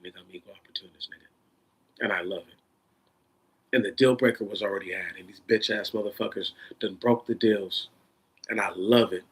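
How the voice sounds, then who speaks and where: A man in an unscripted, profane rant, swinging between loud bursts and a held-down, controlled tone. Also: on the low side, husky. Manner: says he is holding his voice down in a controlled tone. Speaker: vlogger.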